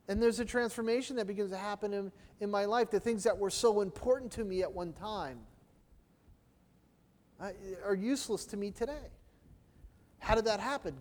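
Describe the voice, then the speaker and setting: A man's voice: high-pitched, darkish tone. A middle-aged man preaching a sermon in a conversational style, often checking in with his listeners with "right?". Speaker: pastor. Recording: long hall reverb.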